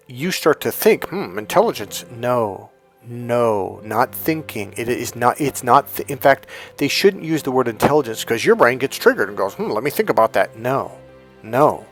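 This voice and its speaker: Male dating coach, gravelly tone, emphatic delivery that swings from loud and punchy to slow and hushed. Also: medium pitch. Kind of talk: coaching monologue.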